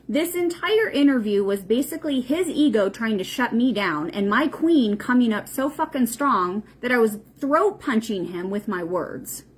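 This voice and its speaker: Her voice is a little high with a breathy edge. As a spiritual host on an informal livestream, she speaks frankly, swears a lot, and keeps repeating things to drive them home.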